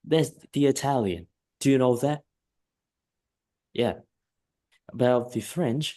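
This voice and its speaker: A man's voice: medium pitch, a little slow, long pauses, warm tone. A man teaching English one-on-one, giving emphatic, repetitive advice and often checking in with his student. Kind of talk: one-on-one lesson feedback.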